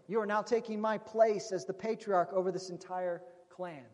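A man's voice: high-pitched, steady tone, normal speed, darkish tone, lightly acted. A man voicing a very old, nearly blind father giving a blessing, in a hall with a long reverb. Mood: solemn.

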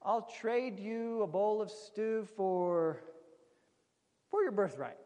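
A man's voice: sits high, takes it slowly, a little mellow. A man voicing a clever, scheming younger brother bargaining over a trade, in a hall with a long reverb.

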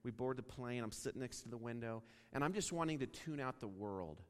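A man from Wyoming preaching a sermon, telling a story and acting out the dialogue in an animated way. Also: medium pitch, a little fast. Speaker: pastor. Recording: long reverb of a large hall.

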